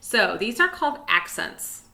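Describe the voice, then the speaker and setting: A woman's voice: medium pitch, sing-song, a little slow, gravelly, sharp tone. A young woman teaching an online music lesson to children, chatty and encouraging, with lots of fillers, at her desk. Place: indoors at a desk.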